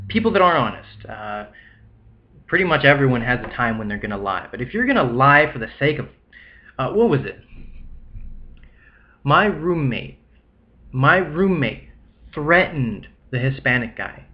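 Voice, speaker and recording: A man's voice: sing-song, normal speed, pauses often. Young man, casual vlog monologue, restarts a lot, muffled lo-fi sound. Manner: rambling, restarts often, acts out quoted people in a high voice. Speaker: vlogger.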